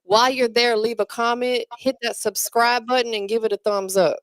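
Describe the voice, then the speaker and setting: A woman hosting a casual online listening party, upbeat and full of shout-outs. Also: fairly high pitch, steady tone, moderate pace, dry recording. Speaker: host. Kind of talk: casual chat.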